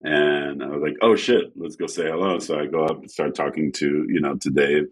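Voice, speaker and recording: A man telling casual stories as a guest photographer, acting out quotes in an animated way. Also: brisk. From France. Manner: animated, acts out quotes with shifting pitch. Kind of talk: casual storytelling.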